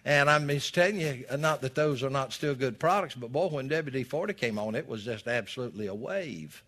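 Folksy older preacher. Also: male voice, mid-range voice, animated, brisk, few pauses, a bit bright. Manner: folksy, storytelling preacher with dramatic rises. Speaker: pastor. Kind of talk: sermon.

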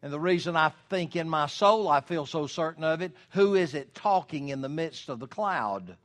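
An earnest preacher man with a somewhat high voice delivers a folksy sermon. He builds to loud, drawn-out emphasis on his key points. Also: lively intonation. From United States. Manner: earnest, folksy, rising to loud emphasis when voicing God.

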